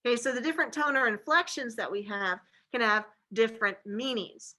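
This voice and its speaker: Woman teacher, fairly high and bright voice, casual filler-heavy lecturing. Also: brisk, low-quality recording. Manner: casual and chatty, many fillers like "like" and "okay". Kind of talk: classroom lecture.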